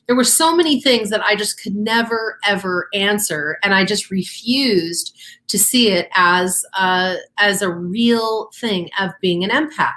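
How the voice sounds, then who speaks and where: A woman's voice: medium pitch, unhurried, sharp tone. A woman co-hosting a casual talk show, explaining ideas step by step in an earnest, encouraging way. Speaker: co-host. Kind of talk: casual teaching chat.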